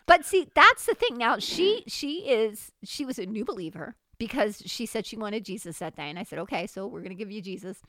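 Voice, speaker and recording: A woman's voice: mid-range voice, normal speed, no echo, clean studio sound. A woman chatting casually about faith experiences, telling stories animatedly and acting out dialogue with frequent laughs. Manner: animated storytelling, acts out quoted dialogue, laughs often. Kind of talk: casual faith testimony chat.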